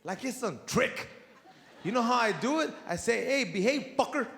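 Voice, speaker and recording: Profane comedian with a high, gravelly, bright voice. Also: male voice, normal speed, heavy background noise. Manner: profane, animated, acts out voices of family. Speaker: stand-up comedian. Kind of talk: stand-up comedy routine. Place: comedy stage before a live audience. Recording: echoey hall with audience.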